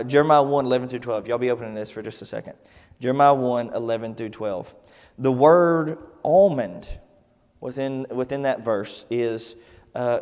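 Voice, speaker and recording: A man's voice: medium pitch, darkish tone, long reverb tail. A man teaching a Sunday Bible class in a casual, conversational way, with many fillers and restarts. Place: church classroom.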